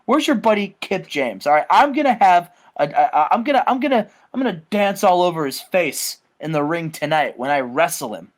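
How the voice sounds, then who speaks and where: A man's voice: sits high, animated, a little fast, hardly any pauses. A man voicing a boastful male wrestler cutting a trash-talking promo. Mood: taunting.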